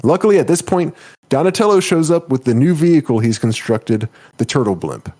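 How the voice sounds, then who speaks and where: A man with a somewhat high voice co-hosts a podcast. He gives a steady episode recap, then chats casually. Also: a little fast. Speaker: podcast co-host.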